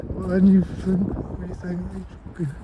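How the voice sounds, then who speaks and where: A man's voice: high-pitched, completely flat delivery, moderate pace, lo-fi sound. A man rambling and swearing as he vlogs outdoors in a park at night, laughing often. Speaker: paranormal vlogger. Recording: heavy wind noise on mic outdoors.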